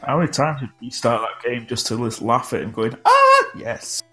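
A man's voice: mid-range voice, steady tone, fairly quick, a bit bright, faint music behind. A man co-hosting a casual podcast, making dry asides with small chuckles. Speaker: podcast co-host. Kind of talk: casual chat.

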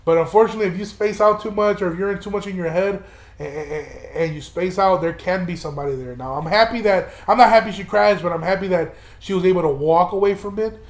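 A young man speaks on his podcast in a high-pitched, casual voice, circling back and restarting his sentences as he goes. His tone is somber and reflective, with frequent swearing. The recording has a roomy echo. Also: fast. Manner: rambling, many restarts, heavy casual swearing. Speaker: podcast host.

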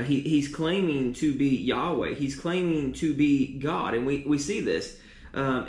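Man preaching, stumbling repeats, mid pitch, echoey room. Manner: repeats words often, restarts. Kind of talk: sermon teaching.

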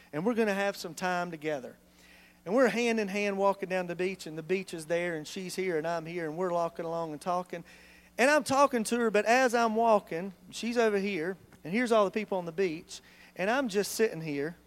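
Preaching from a church, a male pastor uses an animated, conversational approach full of rhetorical questions, his voice high-pitched.

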